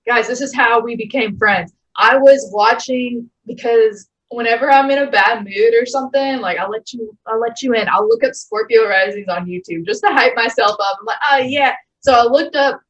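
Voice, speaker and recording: A young woman in her twenties hosting a podcast in casual chat, animated and quick to get excited, swearing casually. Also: a little high, poor audio. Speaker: podcast host.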